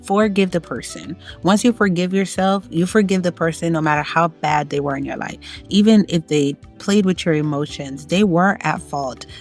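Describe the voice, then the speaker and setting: A woman's voice: lowish voice, normal speed, few pauses, soft background music. A woman giving motivational advice in a monologue, emphatic and preachy, repeating her key phrases for stress. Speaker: self-help vlogger.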